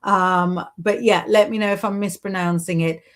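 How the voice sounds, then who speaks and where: A woman with a mid-range voice and fairly even intonation speaks at a moderate pace while hosting a casual live stream. She chats encouragingly, reads viewer comments, and offers intuitive readings, often saying "sort of" and "you know."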